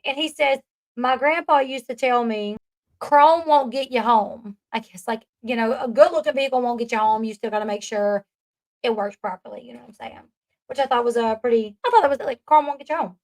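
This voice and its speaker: A woman's voice: a little high, a little fast. A woman talks through a reality show episode. She chats casually and keeps laughing at the bits she finds funny. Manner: chatty, laughs at the scenes she retells. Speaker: commentary host.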